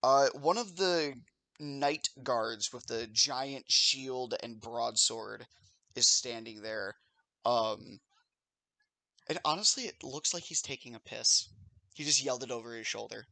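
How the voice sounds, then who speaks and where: A man's voice: mid-range voice, measured pace, creaky, pushed and bright, dry recording. A man narrating as game master of a tabletop role-playing game, describing scenes and calling for rolls.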